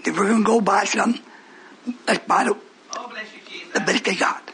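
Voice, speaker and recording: Older male preacher, high voice, faint hiss behind him. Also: normal speed, low-quality recording. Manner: folksy, swings from mutters to shouting. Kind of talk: rambling sermon to a congregation.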